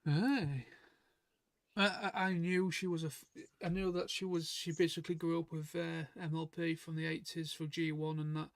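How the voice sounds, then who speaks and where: A man's voice: on the high side, level tone, moderate pace, dry recording. A man co-hosting a casual chat stream, rambling and chatty, stumbling over and repeating his words. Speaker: stream co-host.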